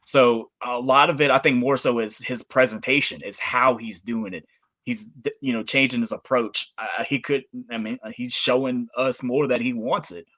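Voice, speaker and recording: Bright-voiced male co-host. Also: medium pitch, fairly even intonation, normal speed. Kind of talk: casual sports talk chat.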